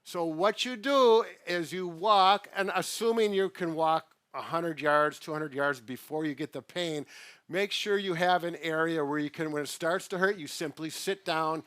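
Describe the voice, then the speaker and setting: A man co-hosting a relaxed health chat, patiently breaking things down in everyday words with plenty of "uh"s. His voice sits a little on the high side, and the sound is close and dry with no room echo. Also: normal speed, clean tone. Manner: patient, plain-spoken explaining with frequent "uh" fillers. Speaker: physical therapist co-host. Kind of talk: casual explanatory chat.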